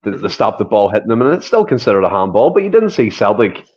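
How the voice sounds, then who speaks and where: A man's voice: on the low side, sing-song, quick pace, a little mellow, lo-fi sound. A Scottish man co-hosting a football podcast, talking earnestly and building on his co-host's points. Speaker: podcast co-host. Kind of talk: casual football chat.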